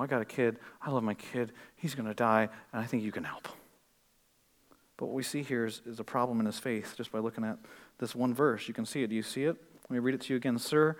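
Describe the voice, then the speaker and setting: A man preaching a sermon in a church, shifting between loud, emphatic stretches and quiet, intense ones. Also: medium pitch. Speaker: pastor.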